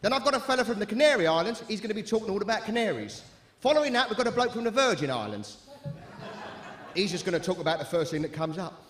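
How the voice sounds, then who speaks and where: A man's voice: high voice, big pitch swings, quick pace, a bit bright. A man performing a brash compere's music-hall patter on stage. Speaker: stage actor playing a club compere. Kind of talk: live stage comedy performance.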